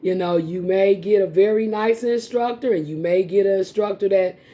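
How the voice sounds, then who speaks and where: Mellow-voiced woman telling a story. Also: mid-range voice, normal speed. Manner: animated, laughing often, addresses viewers as y'all. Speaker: mukbang vlogger. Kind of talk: casual storytelling to viewers. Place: home, eating on camera.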